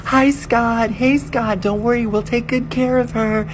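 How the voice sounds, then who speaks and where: A man squealing as a chorus of shrill girlfriends. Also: steady tone, measured pace, noisy background. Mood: cheering. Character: chorus of cheering women friends, shrill.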